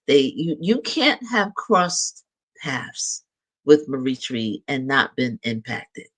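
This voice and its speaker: A man hosting a talk show, measured and reflective, with slow pauses and ums. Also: mid-range voice, sing-song, fairly bright tone. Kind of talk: livestream talk show conversation.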